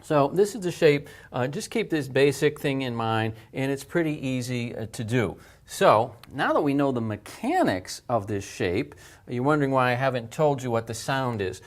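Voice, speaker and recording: A patient language teacher with a mid-range, very animated voice explains pronunciation and handwriting at normal speed. He teaches letter shapes step by step and demonstrates the sounds himself.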